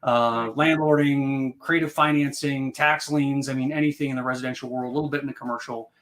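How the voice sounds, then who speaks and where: Fast-talking animated man telling his story. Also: mid-range voice, slight background noise. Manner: animated, rambling with many fillers and restarts. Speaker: podcast guest, real estate investor. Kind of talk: casual storytelling.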